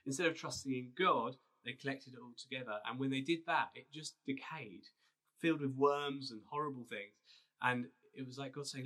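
A man's voice: medium pitch, normal speed, pushed and bright. A man, a pastor telling a Bible story as a casual, conversational sermon. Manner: storytelling, conversational with restarts and fillers.

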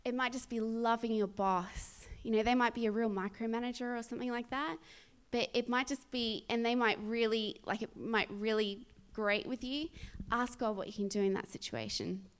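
A woman's voice: fairly high pitch, steady tone, normal speed, smooth. A young woman preaching a sermon, earnest and conversational, telling a personal story with many restarts and sudden bursts of energy. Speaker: speaker at a church.

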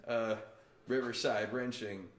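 A man chatting casually on a podcast, rambling and cracking jokes with plenty of ums. His voice sits at a middle pitch. The room around him is echoey. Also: fairly even intonation, unhurried. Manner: rambling, joking, slips into mock voices. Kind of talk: casual chat.

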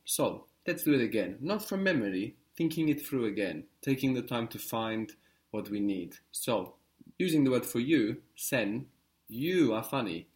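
A man teaching a language lesson, patiently prompting a student step by step with steady encouragement. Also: mid-range voice, normal speed.

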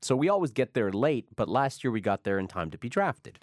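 A man's voice: medium pitch, big pitch swings, a little fast, dry recording, clean studio sound. A man co-hosting a radio podcast, telling a story in a wry, teasing way. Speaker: radio co-host. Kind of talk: casual podcast chat.

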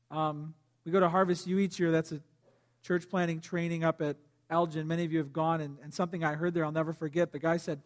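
A man preaching a sermon as pastor, telling a story with lively acted-out quotes. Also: high voice.

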